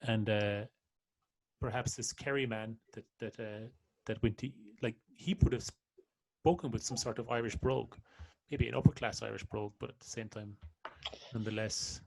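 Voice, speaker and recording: A man interviewing a guest in a conversational podcast, halting and searching for words, often trailing off quietly. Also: lowish voice, fairly even intonation, creaky.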